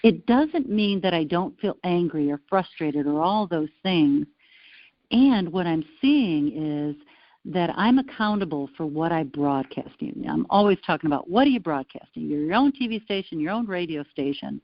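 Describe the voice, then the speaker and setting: Brief: low-pitched woman, interview guest, playful animated storyteller, dry close sound. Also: normal speed, no echo. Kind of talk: casual interview conversation. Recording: dull lo-fi sound.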